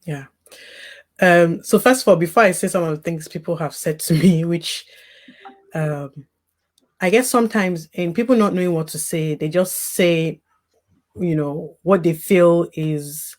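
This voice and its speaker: A woman's voice: on the low side, measured pace, darkish tone. A woman, a grief recovery specialist, candidly talking about losing her baby as an interview guest, earnest and reflective with frequent "you know" asides. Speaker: grieving mother as interview guest.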